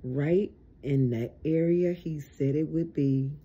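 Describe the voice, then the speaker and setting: An online preacher gives an informal video sermon, sounding tired and exasperated as he stretches out emphatic exhortations. His medium-pitched voice is mellow and a bit rough, and the recording lacks high frequencies.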